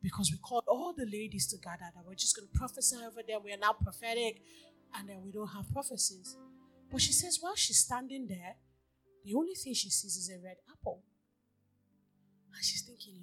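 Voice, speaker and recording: A woman preaching a sermon, telling stories and moving from hushed, near-whispered talk to loud exhortation. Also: mid-range voice, animated, a little fast, breathy edge, soft background music.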